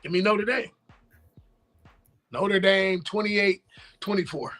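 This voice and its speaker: A man's voice: sits high, takes it slowly, sharp tone, soft background music. A man co-hosting a casual sports talk show, playfully boasting and trash talking to the audience.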